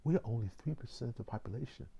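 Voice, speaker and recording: A man in his sixties telling a personal story in a measured way, with deliberate pauses. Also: medium pitch, vocal fry, dark tone, slightly rough.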